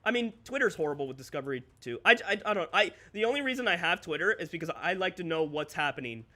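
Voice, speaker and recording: High, bright-voiced male streamer ranting. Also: animated. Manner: candid, ranting, swears freely, quick laughs. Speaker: streamer and content creator. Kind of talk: casual livestream chat.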